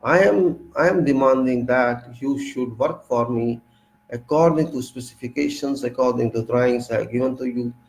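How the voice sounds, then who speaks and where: An older man lecturing on engineering, his voice gravelly with a fry at the ends of his phrases. He pushes each point home with emphatic repetition and addresses the listener directly. His pitch sits at an ordinary level for a man. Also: a little mellow, low-quality recording. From India. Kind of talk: recorded lecture.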